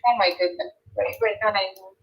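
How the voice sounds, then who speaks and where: A woman's voice: medium pitch, fairly even intonation, fairly quick, creaky, poor audio. A woman, a homeowner, enthusiastically reacting to a pool design and asking questions. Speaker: homeowner client. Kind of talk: casual client meeting.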